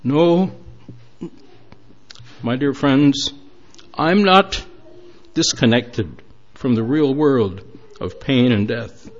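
A man's voice: mid-range voice, animated, extremely slow, pauses often. A man voicing a grieving father who speaks earnestly and from the heart. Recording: dull lo-fi recording.

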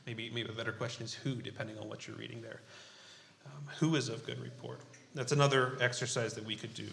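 A man preaching a sermon in a bright, forceful voice. He talks in an unhurried, halting way with frequent fillers. His voice rings around a roomy church space. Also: mid-range voice, level tone, gravelly, slight background noise. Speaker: pastor. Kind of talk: sermon with group scripture reading. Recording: roomy echo.

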